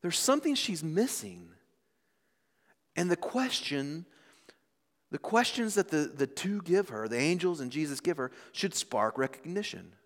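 A man in his thirties preaching a sermon as a pastor, with dramatic swings between loud and hushed delivery. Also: a little high, very animated, measured pace. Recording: long reverb of a large hall.

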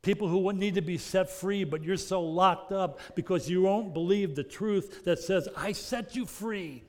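A man preaching a sermon as pastor, earnest, moving between loud emphasis and soft, intimate passages. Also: high-pitched, moderate pace. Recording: long reverb of a large hall.

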